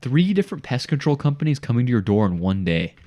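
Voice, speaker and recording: A man's voice: mid-range voice, quick pace, dull audio. A young man casually telling a story on a podcast, acting out what people said and calling his listener "dude" and "bro". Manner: animated storyteller, acts out quotes, says "dude" and "bro" a lot. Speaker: podcast co-host.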